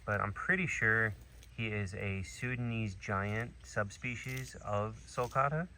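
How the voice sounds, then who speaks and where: Relaxed man vlogging outdoors. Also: lowish voice, unhurried, a little hiss or hum. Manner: relaxed, chatty, speaks softly to the animals. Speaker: animal sanctuary keeper. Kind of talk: casual vlog narration. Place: outdoor animal sanctuary.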